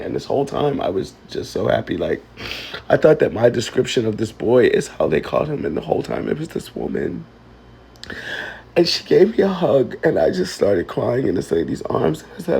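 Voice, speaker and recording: A man telling a painful personal story, halting and emotional, close to tears. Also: fairly low pitch, sing-song, gravelly, darkish tone, husky. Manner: emotional, halting, with many ums and likes. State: tearful. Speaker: vlogger.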